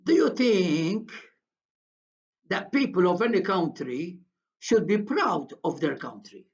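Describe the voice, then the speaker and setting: Older woman telling a slow, deliberate story. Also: lowish voice, very animated, darkish tone. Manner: slow, deliberate, repeats phrases. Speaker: commentator. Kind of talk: storytelling monologue to viewers. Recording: dull lo-fi recording.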